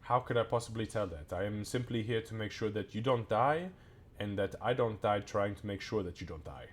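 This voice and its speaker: A man's voice: lowish voice, brisk, natural voice. A man voicing a weary, officious male guard captain in a tabletop game who rambles and gets flustered. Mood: indignant.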